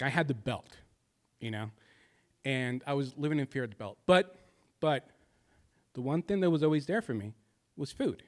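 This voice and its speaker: A man in his thirties telling a personal stand-up story, confessional and shifting between jokes and somber moments. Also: medium pitch. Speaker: stand-up comedian.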